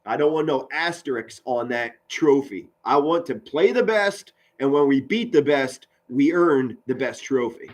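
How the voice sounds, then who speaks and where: A man, doing loud live football play-by-play and chatting with viewers. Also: medium pitch, a little slow, hardly any pauses. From Pennsylvania, US. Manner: loud, excitable, swings from mutters to shouts. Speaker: sports commentary streamer.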